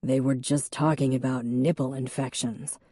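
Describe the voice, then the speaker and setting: A woman's voice: rumbling low, flat delivery, moderate pace, mellow, no room sound, clean studio sound, voice pushed down. A woman voicing a nervous young husband who mutters darkly in an audiobook. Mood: gloomy.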